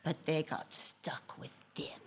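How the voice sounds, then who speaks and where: A woman voicing an alluring accented woman in a trench coat, speaking low and slow. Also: whispered, close to an everyday voice. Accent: unnamed foreign accent, put on.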